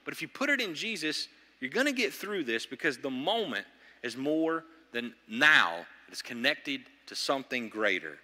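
A male pastor delivers an animated sermon in a sharp, bright voice. He swings from loud, high bursts down to low, quiet stretches. The room gives a long, ringing reverb. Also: moderate pace.

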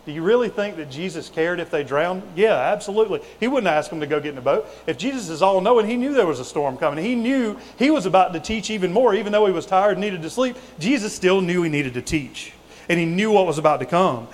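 A man's voice: sits high, animated, fast. A man preaching a sermon in a conversational, folksy way, with casual asides to the congregation. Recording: reverberant hall.

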